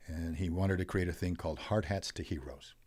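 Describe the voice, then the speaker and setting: An older man speaks as a podcast guest in a very deep, low voice. He tells his stories with animation, pushing his voice up for emphasis and letting it fall away at the ends of his points. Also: brisk. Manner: animated storyteller, rising and falling in loudness. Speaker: podcast guest, wealth coach. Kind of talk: storytelling in a podcast interview.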